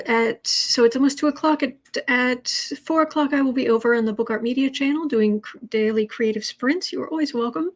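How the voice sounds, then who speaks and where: A woman with a slightly high voice for a woman runs a daily tarot livestream from her home. Her chat is loose and wandering, full of fillers, and she keeps looping back to restart what she's saying.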